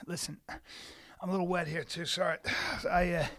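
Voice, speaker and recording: A man's voice: high-pitched, flat delivery, normal speed, a bit bright, dry recording. A man co-hosting a comedy podcast, rambling through an absurd story with stammered repeats and mock earnestness. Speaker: podcast co-host. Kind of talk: improvised comedy chat.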